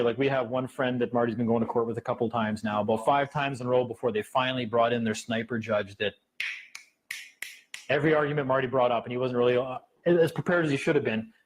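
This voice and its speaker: A man speaking at a meeting, telling stories in a fast, animated way and acting out what others said. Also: medium pitch, slight background noise, low-quality recording. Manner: fast, animated, acts out quotes. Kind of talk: casual storytelling talk.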